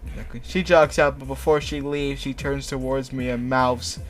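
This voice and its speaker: A man's voice: mid-range voice, fairly even intonation, moderate pace, soft background music. A man hosting, reading fanfiction aloud with mocking asides, laughing often and tripping over his words. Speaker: host.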